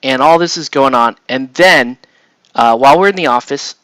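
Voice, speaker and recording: A man's voice: mid-range voice, moderate pace, fairly bright tone, dry recording. A man casually telling a long personal story while painting, rambling with many restarts and tag questions. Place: home hobby room.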